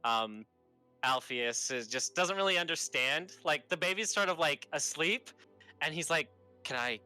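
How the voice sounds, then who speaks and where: A man's voice: a little high, a little slow, sharp tone, faint music behind. A young man narrating a tabletop game as game master in a casual way, laughing often.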